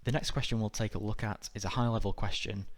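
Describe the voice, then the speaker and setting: A man narrating a scripted exam-prep lesson in a measured, methodical way. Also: fairly low pitch. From United Kingdom. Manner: measured, even, methodical delivery. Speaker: exam tutor.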